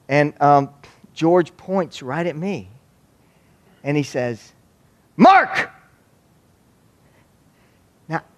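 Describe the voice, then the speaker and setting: A man from Waco, giving a humorous storytelling talk on youth ministry to an audience. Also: fairly high pitch. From Waco, Texas. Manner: folksy, joking, animated.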